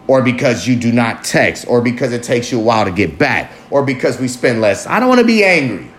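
A man in a casual personal monologue, candid and rambling, swearing freely and jumping up in pitch for emphasis. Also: very animated, fairly quick. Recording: echoey room with faint ambient noise.

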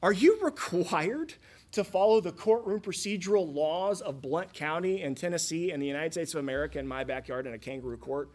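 A man's voice: fairly high pitch, a little fast, a little mellow. A male pastor preaching a sermon in a conversational style, often restarting his sentences and asking the congregation questions.

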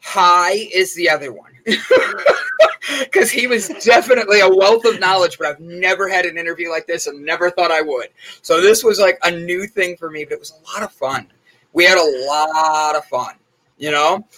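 Bright, chatty male show host. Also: high-pitched, normal speed, rough recording. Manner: chatty and rambling, with many fillers. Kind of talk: casual chat.

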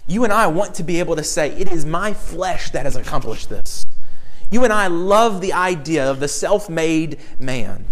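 A man's voice: on the high side, poor audio. A man preaching a sermon with an emphatic, repetitive cadence, stressing key phrases.

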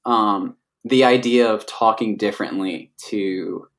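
A man co-hosting a casual podcast, playful and joking, laughing often and pausing with fillers. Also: lowish voice. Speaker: podcast co-host. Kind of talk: casual chat.

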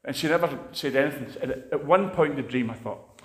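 A man's voice: medium pitch, quick pace, roomy sound. A man with a Scottish accent preaching a conversational sermon, telling stories in a chatty, anecdotal way.

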